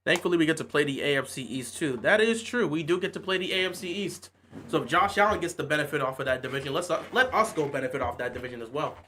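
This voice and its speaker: A man's voice: fairly high pitch, expressive, fast talker, bright, forceful tone, a little hiss or hum. A man reacting live to a football game, trash-talking rivals with rhetorical questions and slipping into mock play-by-play calls. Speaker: sports fan watching a game live.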